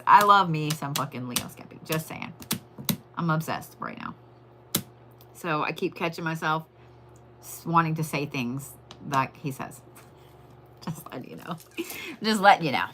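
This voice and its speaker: A woman's voice: sits low, animated, moderate pace, sharp tone, a little hiss or hum. A woman giving a casual, profane live crystal and zodiac reading, chatting to viewers as y'all. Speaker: livestream tarot and crystal reader.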